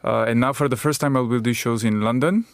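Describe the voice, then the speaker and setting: A man's voice: medium pitch, fast, no room sound, clean studio sound. A middle-aged man from France with a French accent, a comedian chatting in an interview, hesitant and repeating words as he jokes. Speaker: comedian guest. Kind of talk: casual interview chat. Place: radio studio.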